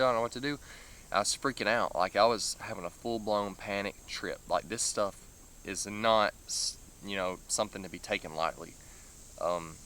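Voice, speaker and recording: Rambling man with a bright voice. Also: on the low side, slight background noise. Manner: rambling, full of "like" fillers, nervous laughs. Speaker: vlogger. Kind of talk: casual storytelling.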